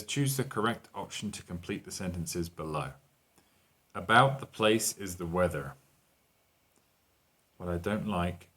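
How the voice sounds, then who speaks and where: A man's voice: sits low, fairly bright tone. A man teaching an online English lesson, walking learners through exercises and translating lines into Spanish.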